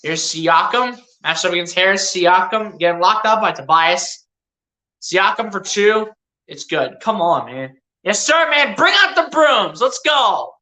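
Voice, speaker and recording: A woman's voice: mid-range voice, lively intonation, measured pace, pushed and bright. A woman streaming live play-by-play as a fan, calling plays and trash-talking rivals, laughing often. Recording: roomy echo.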